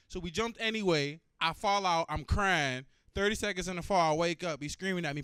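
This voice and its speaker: A man doing a profane, loose stand-up comedy set and chatting with the crowd. His voice is fairly high and smooth. The sound is close and dry. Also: animated, fairly quick, few pauses, bright, forceful tone, no echo.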